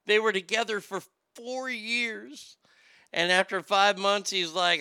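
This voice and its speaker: A man's voice: sits high, fairly even intonation, slow, pushed and bright, clean tone, dry recording. A man hosting a casual comedic chat, wisecracking about odd news stories. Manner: wisecracking, drifting into mocking bits.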